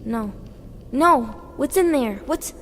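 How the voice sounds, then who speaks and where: A woman doing a frightened young boy, high and reverberant. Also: moderate pace, warm tone, a little hiss or hum, lightly acted. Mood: scared. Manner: panicked, pleading screams. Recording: reverberant with background music.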